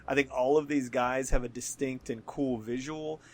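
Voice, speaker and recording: A man's voice: medium pitch, fairly even intonation, moderate pace. A man co-hosting a podcast, chatting casually about comics, laid-back, laughing often and swearing loosely. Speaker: podcast co-host.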